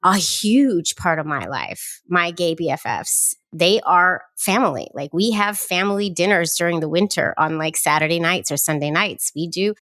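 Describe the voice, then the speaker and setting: A woman hosting a podcast, bubbly and effusive, chatting warmly with guests and listeners. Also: lowish voice, lively intonation, normal speed, few pauses, no echo, clean studio sound. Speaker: podcast host.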